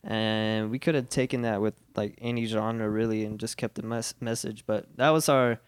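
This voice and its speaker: A man's voice: lowish voice, fairly even intonation, moderate pace, clean tone, dry recording, clean studio sound. A man from a reggae band chatting as a podcast guest, laid-back and rambling, swearing now and then. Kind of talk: casual chat.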